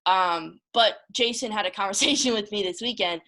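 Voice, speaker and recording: A woman's voice: medium pitch, normal speed, sharp tone. A woman hosting a casual motivational talk, emphatic and emotional, often repeating herself and calling her listeners y'all. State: emotional, close to tears. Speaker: motivational host.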